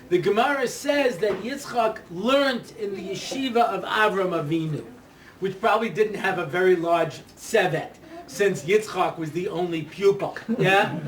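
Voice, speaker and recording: A man giving a humorous talk as a rabbi, telling stories in an animated way with many "you know"s. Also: high voice. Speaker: rabbi, speaker. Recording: roomy hall recording from a distance.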